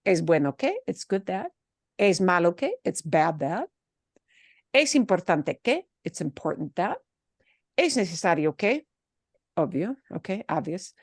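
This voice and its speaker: A woman's voice: on the low side, sing-song, measured pace, long pauses, no echo. Patient woman teaching in a dry room. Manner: patient, repeats and rephrases, mixes in Spanish phrases. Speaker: Spanish teacher. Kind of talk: classroom explanation.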